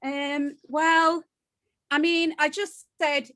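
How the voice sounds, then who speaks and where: A woman novelist chatting on a video call, excitable and self-deprecating. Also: high voice, moderate pace. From Ireland and Canada. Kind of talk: casual chat on a video call.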